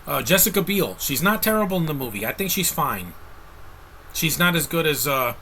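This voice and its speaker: A man's voice: on the high side, lively intonation, normal speed, pushed and bright, slight background noise, rough recording. A man giving a casual, rambling movie review rant, blunt and exasperated, with frequent restarts.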